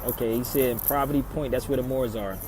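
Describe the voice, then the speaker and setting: A man talking casually to his live stream viewers from outside in his old neighborhood, preaching, firing off rhetorical questions and swinging between loud and soft. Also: mid-range voice, fairly even intonation, fast talker, background noise. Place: outdoors in a city neighborhood.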